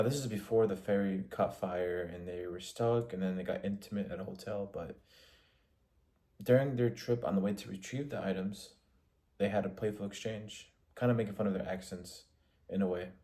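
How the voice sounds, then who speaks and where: A man giving a spoken film analysis for a class assignment, measured and in short phrases with restarts. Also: sits low, warm tone. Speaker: student.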